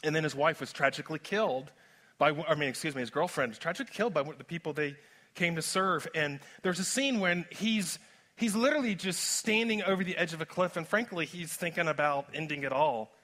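A male pastor preaching a sermon in an animated, conversational way, mixing in self-deprecating humor. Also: on the high side, fairly quick.

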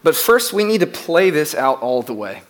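A man preaching a sermon to his church, emphatic, often repeating words and dropping from loud to hushed. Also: on the high side, big pitch swings, normal speed. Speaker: pastor.

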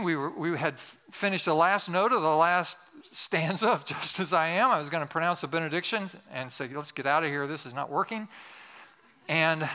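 An older man preaches a storytelling sermon, slipping in humorous, self-deprecating asides. His voice is bright and forceful, pitched a little high. A long reverb trails through the sanctuary. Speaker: pastor.

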